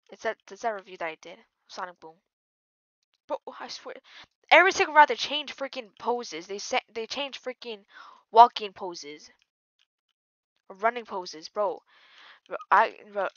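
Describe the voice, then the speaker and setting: Woman, gameplay commentary, jittery, slangy, mumbles then yells, sharp bright voice, dull dry recording. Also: a little high, no echo. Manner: jittery, swings from mumbling to sudden yelling; slangy, keeps saying "bro" and "freaking". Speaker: gaming channel host.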